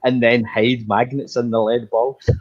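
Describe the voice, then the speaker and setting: Husky man, dry mocking remarks. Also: mid-range voice, flat delivery, unhurried, muffled recording. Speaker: panelist on a chat stream. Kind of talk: casual chat.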